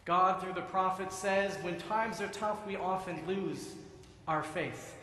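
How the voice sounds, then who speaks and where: A rabbi preaches a sermon in a large synagogue sanctuary, his fairly high voice spreading into a long, echoing reverb. He tells his stories at a measured pace and brings the voices in them to life, with a faint room hum underneath. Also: sharp tone. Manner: storytelling, acts out voices, measured.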